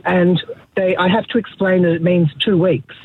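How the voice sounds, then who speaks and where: A woman's voice: on the low side, fairly even intonation, normal speed. A woman calling in to a talk show, telling a story in a disbelieving, storytelling way. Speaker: caller. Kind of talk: casual phone-in chat. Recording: tinny phone line with faint noise.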